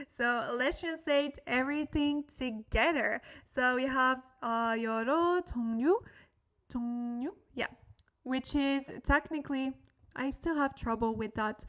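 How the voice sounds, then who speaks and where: Young woman teaching on a livestream, high voice, bit tired, chatty and giggly. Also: fairly bright tone. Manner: chatty, thanks viewers, laughs at her own slips. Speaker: Korean language livestream host.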